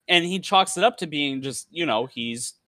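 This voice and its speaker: A man telling a story in casual chat among friends, relaxed and swearing freely. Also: on the high side, moderate pace, dry recording.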